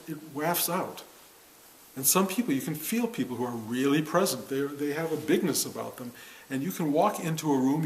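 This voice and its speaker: A man over fifty speaks to a meditation class in an even, mid-pitched voice. He talks in a reflective, unhurried way, pausing often and correcting himself mid-phrase. A faint hiss of noise sits behind him. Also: low-quality recording. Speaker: meditation teacher. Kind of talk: spiritual talk to a class.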